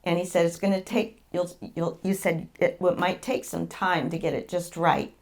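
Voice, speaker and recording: A woman's voice: fairly low pitch, little pitch movement, normal speed. Middle-aged woman, rambling storyteller. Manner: rambling, repeats words, laughs through the story. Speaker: patient guest. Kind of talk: candid personal storytelling.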